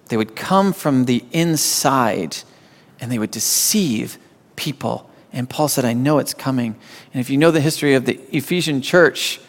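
A man's voice: mid-range voice, moderate pace. A man preaching a sermon as a pastor, emphatic and repeating phrases for weight. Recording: long hall reverb.

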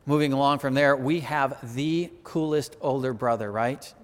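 A man preaching a sermon, animated and conversational, often asking "right?" and building to emphatic peaks. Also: mid-range voice, moderate pace, big-room sound. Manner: conversational, asks the audience "right?".

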